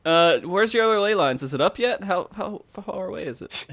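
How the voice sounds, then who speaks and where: A man hosting a podcast, giving casual, animated play-by-play commentary over gameplay footage, laughing and swearing as he goes. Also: high voice, brisk. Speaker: podcast host.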